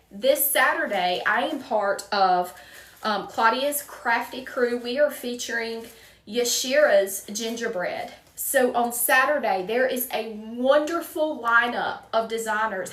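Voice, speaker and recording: She's a Southern woman hosting a crafting livestream, talking chatty and upbeat straight to her viewers. Her voice sits a touch high. The room is echoey, and the mic is set back from her. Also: expressive, slow pace, a bit bright. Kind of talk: casual live chat while working. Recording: roomy, mic at a distance.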